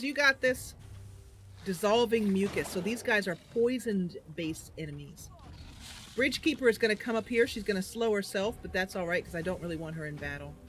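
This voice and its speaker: A woman's voice: mid-range voice, a bit bright, slight background noise. A woman hosting a game livestream, chatting casually and thinking aloud as she plays, often giggling. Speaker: livestream host.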